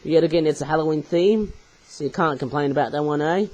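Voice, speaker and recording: A man's voice: a little high, a little fast, a little mellow, rough recording. A man reviewing toys in a casual, chatty way, ending his sentences with "eh?" and coughing as he gets over a flu. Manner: chatty, tags sentences with "eh?" and makes puns. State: coughing, getting over a flu and sore throat. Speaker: toy reviewer.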